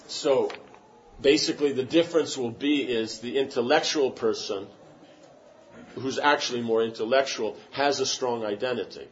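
A man's voice: mid-range voice, highs cut off, slight background noise. A man teaching a class and answering questions, talking in an emphatic, rambling way with many restarts. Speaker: spiritual teacher.

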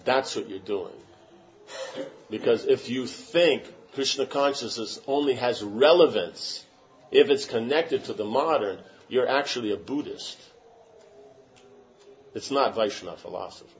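A man's voice: mid-range voice, measured pace, highs cut off. A man teaching a class and answering questions, talking in an emphatic, rambling way with many restarts. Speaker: spiritual teacher.

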